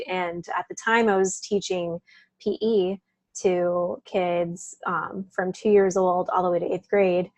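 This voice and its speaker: As an interview guest, a woman casually tells a personal story, laughing often and packing in "like" fillers. Her voice is on the low side and darkish, with little pitch movement and a measured pace, recorded with no echo.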